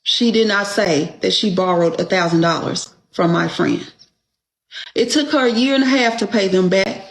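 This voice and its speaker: A woman's voice: mid-range voice, moderate pace, vocal fry. A woman telling her story on a show, emphatic and profane, often checking in with "okay?". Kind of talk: casual storytelling. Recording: echoey room.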